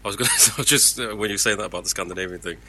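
A voice actor talking frankly about his work, earnest and reflective. He speaks quickly in a sharp, bright, somewhat low voice. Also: breathy edge, no echo. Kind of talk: casual chat.

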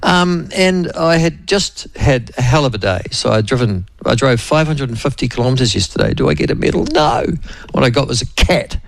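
Wry rambling New radio host. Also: male voice, mid-range voice, animated, moderate pace, creaky, dry recording, rough recording. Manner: rambling, wry, jokey asides with put-on quoted voices. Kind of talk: casual on-air monologue. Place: radio studio.

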